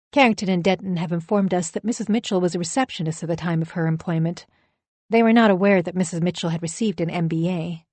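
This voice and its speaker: A woman reading a first-person audiobook thriller, wry and anxious in her telling. Her voice sits on the low side. The recording is close and dead dry. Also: darkish tone, no room sound. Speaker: audiobook narrator.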